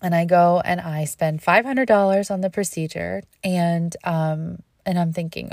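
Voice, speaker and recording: A woman in her thirties telling a candid personal story, interrupting herself, laughing at her own words and dropping to a hush when she relives hard moments. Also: fairly low pitch, steady tone, a little slow, creaky, dry recording, clean studio sound.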